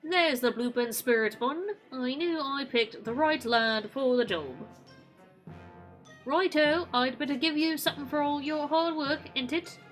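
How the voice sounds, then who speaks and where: A woman's voice: sits high, measured pace, faint music behind, pitched above the performer's own voice. A woman voicing a cheerful male robot cook, reading his lines in a lilting put-on accent with bleeped cussing. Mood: cheery. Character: chirpy male robot cook who cusses.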